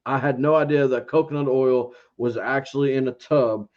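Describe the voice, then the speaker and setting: A man's voice: mid-range voice, fairly even intonation, moderate pace, darkish tone. Laid-back man telling a story. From Georgia, US. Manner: rambling storyteller, acts out his own past thoughts. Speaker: interview guest, beard reviewer. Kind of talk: casual interview chat. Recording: dull lo-fi sound.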